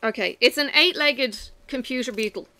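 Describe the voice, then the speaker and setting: Chatty woman with a gravelly edge. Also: a little high, normal speed, slight background noise. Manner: chatty, animated, self-mocking. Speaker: vlogger. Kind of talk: casual chat to camera.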